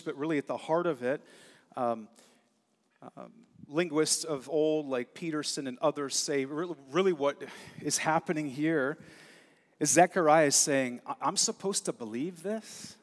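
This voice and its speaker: A man's voice: a little high, normal speed. A man preaching a sermon, earnest and conversational, with casual asides, in a church sanctuary. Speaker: pastor. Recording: long hall reverb.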